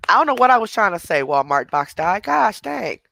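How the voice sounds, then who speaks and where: Bright-voiced man chatting on a livestream. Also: high-pitched, sing-song, a little fast, creaky, no echo. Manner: chatty, laughing, responding to chat. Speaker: livestream host. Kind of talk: casual livestream chat.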